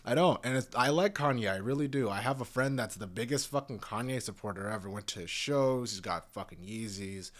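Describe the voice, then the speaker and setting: A man's voice: medium pitch, fairly quick, hardly any pauses. A young man in a casual, profane, rambling rant, talking in an exasperated way. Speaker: commentator.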